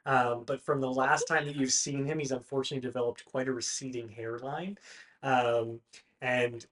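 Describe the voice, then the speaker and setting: Gm narrating the scene kinda quiet, lots of ums and likes, middling pitch. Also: steady tone, moderate pace. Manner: hesitant, many fillers, quiet narration. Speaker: game master. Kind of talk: narrating a tabletop game.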